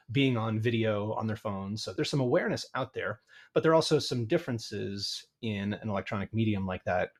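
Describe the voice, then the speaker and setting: A male podcast host asking thoughtful, rambling interview questions with many fillers. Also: fairly low pitch.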